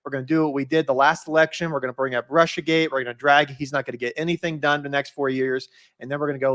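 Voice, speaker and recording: A man co-hosting a casual political podcast, giving his views in a measured, opinionated way. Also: on the high side, steady tone, a bit bright.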